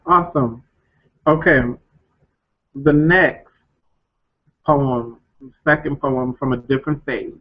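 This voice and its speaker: Unhurried male radio host on muffled audio. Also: mid-range voice. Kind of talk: casual interview.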